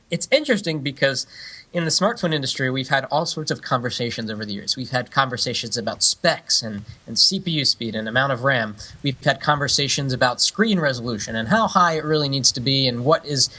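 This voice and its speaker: Bright, eager male podcast co-host. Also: mid-range voice, a little fast. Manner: earnest, enthusiastic, goofy. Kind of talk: casual tech podcast chat.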